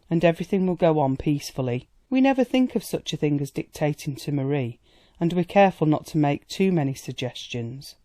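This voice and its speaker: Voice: mid-range voice, dark tone, no echo, lightly acted. A reader voicing a worldly society woman who talks in a chatty, amused and indulgent way, in an audiobook.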